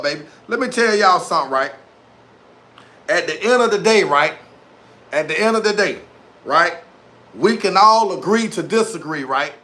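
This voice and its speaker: A young man hosts a live stream, giving his take on the news in a slangy, repetitive style while calling out viewers and thanking them for gifts. His voice is a little high, bright, and forceful.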